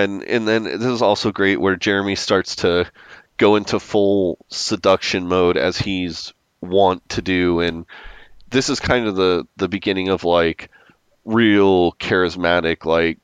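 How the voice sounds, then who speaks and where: A man's voice: low-pitched, fairly even intonation, a little slow, clean tone, no room sound. A man co-hosting a podcast, chatting enthusiastically about a TV episode and rambling with frequent restarts. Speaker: podcast co-host. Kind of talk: casual chat recapping a TV episode.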